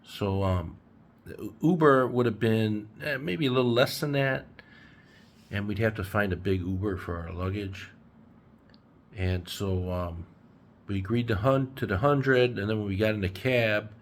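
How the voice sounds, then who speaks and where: A man's voice: low-pitched, steady tone, moderate pace. A man in his sixties talking casually in a travel vlog, rambling and full of fillers, filmed on a handheld phone. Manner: chatty, rambling storyteller with many fillers. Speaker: travel vlogger. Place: apartment indoors, later city streets outdoors.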